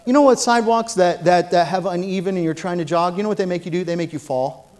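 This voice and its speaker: A man with a fairly high voice preaching from a church platform. He tells funny stories, then builds to loud, emphatic preaching. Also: fast talker. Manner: storytelling with humor, rising to loud preaching. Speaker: pastor. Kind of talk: sermon.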